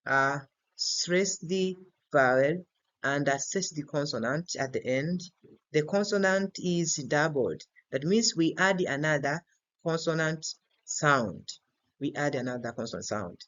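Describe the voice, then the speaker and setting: A man teaching an English grammar and pronunciation lesson, repeating each word several times to model its stress. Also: fairly high pitch. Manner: slow and deliberate, repeats words many times to model stress. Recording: slightly dull lo-fi recording.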